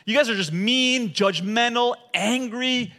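A man's voice: very high voice, unhurried, sharp tone, pitched above the performer's own voice, full character voice. A man putting on a scoffing, dismissive friend. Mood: scornful. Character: scornful adult friend dismissing church.

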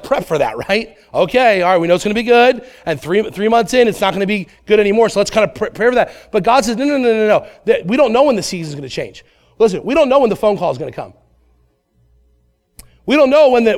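A man in his thirties, a pastor preaching a lively Sunday sermon and acting out voices in his asides. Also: sits high.

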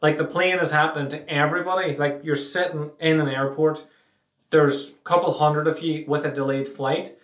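A blunt man talking on his own podcast, cursing freely and mimicking whiny questions. His voice sits a bit high and sounds a little away from the mic in an echoey room. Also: fairly even intonation, moderate pace, a bit bright, recorded from a distance. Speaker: podcast host. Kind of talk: solo podcast monologue.

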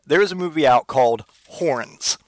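A man's voice: fairly high pitch, moderate pace, no room sound. A man hosting a casual solo podcast, telling rambling, profane, comic stories. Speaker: podcast host.

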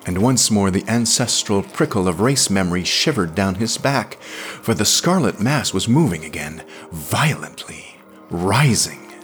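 A man narrating a story in a slow, measured, hushed dramatic reading. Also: deep voice, animated, faint music behind. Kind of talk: dramatic audiobook reading of pulp science fiction.

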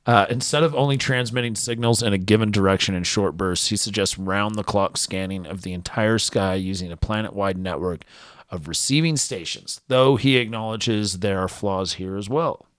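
A man's voice: fairly low pitch, moderate pace, dry recording. A man co-hosting a podcast, reading a news story aloud in casual chat with frequent fillers and restarts. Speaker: podcast co-host.

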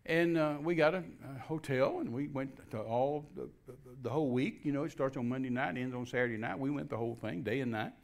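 A man's voice: mid-range voice, fairly quick, gravelly, few pauses. An older man telling a personal testimony in a folksy way, acting out the dialogue as he goes. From Texas. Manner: folksy, repetitive restarts, animated quoting of dialogue. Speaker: guest minister.

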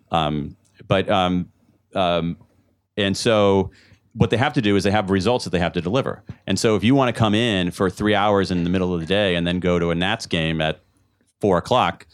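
Low-voiced man answering audience questions. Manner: lively, jokey, restarts and repeats words. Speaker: author speaking to an audience. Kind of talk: live audience Q&A talk. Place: event room with a live audience.

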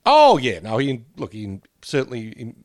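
An Australian man co-hosts a podcast in casual chat, drifting through memories and laughing often. His mid-range voice swings hugely in pitch at a moderate pace, and the recording is dry and studio-clean.

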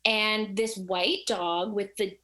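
A woman telling a personal story in casual chat, animated and acting out the voices of the people in it. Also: mid-range voice, takes it slowly.

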